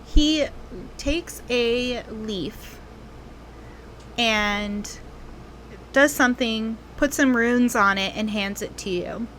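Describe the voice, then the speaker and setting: A woman game master narrating a tabletop role-playing game, telling the story unhurriedly with frequent ums and pauses. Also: on the high side, a bit bright, slight background noise.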